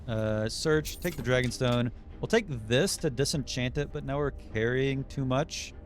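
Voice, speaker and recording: A man's voice: medium pitch, a little slow, soft background music. A man casually thinking aloud while live streaming a video game, his throat getting a little sore. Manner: relaxed, muttering and thinking aloud while playing.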